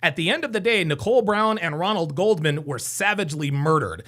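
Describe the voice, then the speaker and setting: A man hosting a live call-in dating advice stream, chatting casually and exclaiming loudly with callers. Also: on the high side, expressive, brisk.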